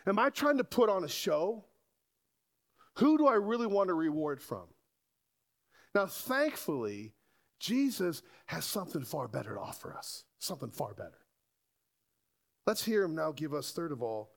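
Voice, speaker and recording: A man preaching a sermon to a congregation, animated and asking rhetorical questions. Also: a little high. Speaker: pastor.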